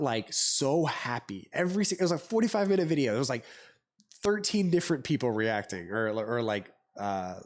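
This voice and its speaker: A man hosting a podcast, talking in a loose, rambling way with lots of fillers, restarts and some swearing. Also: on the low side. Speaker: podcast host. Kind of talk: casual chat.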